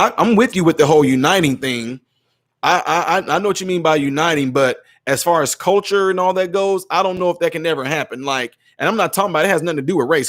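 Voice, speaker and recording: A man hosting his channel, reading out viewer comments and answering them in casual, emphatic commentary, often repeating words to stress a point. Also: a little high.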